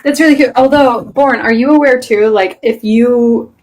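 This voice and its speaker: A woman's voice: a little high, moderate pace, low-quality recording. A woman hosting a livestream chat, telling stories animatedly and swearing freely. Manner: profane, animated storyteller. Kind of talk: casual heated chat.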